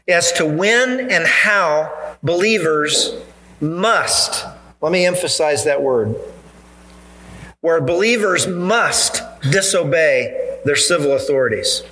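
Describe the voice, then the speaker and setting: A man's voice: fairly high pitch, unhurried, bright, forceful tone, poor audio. A male pastor preaching a sermon in church, earnest and emphatic, driving points home with repetition.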